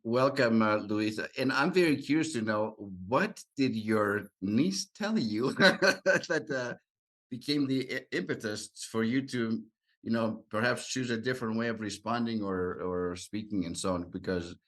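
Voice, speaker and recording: A man hosts a podcast interview, earnest and encouraging toward his guest. His voice sits on the low side, and he often restarts his sentences as he finds the words. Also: unhurried, a bit bright. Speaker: podcast host. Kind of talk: interview conversation.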